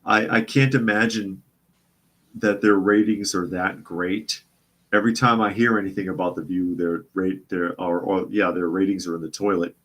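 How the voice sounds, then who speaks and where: A man's voice: low-pitched, steady tone, moderate pace, fairly bright tone. A man hosting a casual news commentary show, sarcastic and often repeating his phrases for emphasis. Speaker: host.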